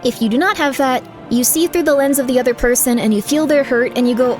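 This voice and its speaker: A woman's voice: high voice, fast talker, hardly any pauses, soft background music. A woman streamer chatting casually with viewers, giving rambling, candid advice full of fillers while reacting to chat.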